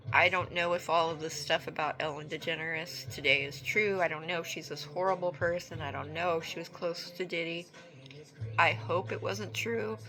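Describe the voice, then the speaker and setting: A woman telling a personal story in a halting, earnest, reflective way. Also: fairly low pitch, bright, forceful tone, rough recording. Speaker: vlogger.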